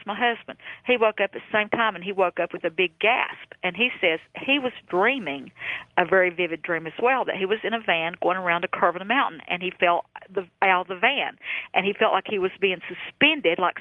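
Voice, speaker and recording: A woman, a psychic guest on a phone-in radio interview, telling her stories in an earnest, folksy way while her voice is going hoarse. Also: medium pitch, fairly quick, dry recording. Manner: animated storyteller, earnest and folksy. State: losing her voice. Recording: tinny phone line.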